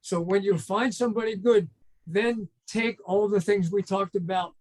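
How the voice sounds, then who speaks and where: An older man with a notably high-pitched voice, telling stories as an interview guest. He rambles from one anecdote to the next and acts out old phone calls as a trainer and consultant would. His talk is loose and conversational. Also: fairly even intonation, moderate pace, a little mellow, low-quality recording. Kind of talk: casual storytelling in an interview.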